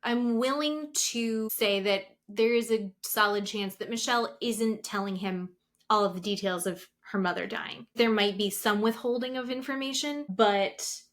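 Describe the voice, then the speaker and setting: Podcast co-host: gossipy woman in her thirties, slightly high pitch, acts out the people she quotes. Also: a little slow. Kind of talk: casual recap chat.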